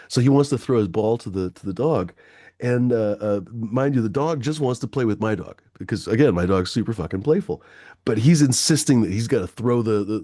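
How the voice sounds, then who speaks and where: A man's voice: on the low side, no echo, clean studio sound. A man telling a long personal anecdote in casual chat, swearing freely and full of fillers. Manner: profane, animated anecdote-telling with many fillers.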